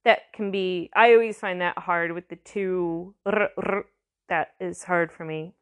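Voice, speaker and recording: A woman's voice: fairly low pitch, measured pace, clean tone. A woman giving a casual, rambling language lesson, full of fillers and restarts. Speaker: language tutor.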